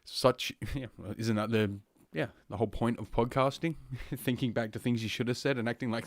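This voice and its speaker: A man's voice: mid-range voice, steady tone, moderate pace, hardly any pauses, no room sound, clean studio sound. Rambling, profane man podcasting. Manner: rambling, crude and heavily profane. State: a little out of breath. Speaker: podcast host. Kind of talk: casual solo podcast rant. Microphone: podcast microphone.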